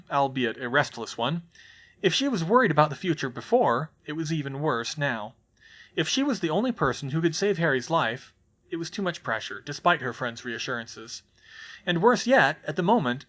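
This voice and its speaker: A man narrates a fan fiction audiobook with steady, plain storytelling. His voice sits a little high for a man. He keeps a level, even delivery. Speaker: audiobook reader.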